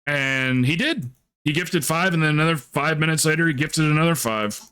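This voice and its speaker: A man's voice: a little high, moderate pace, sharp tone, smooth. A young man livestreaming, chatting casually and rambling through a story while acting out the people in it. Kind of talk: casual stream chat.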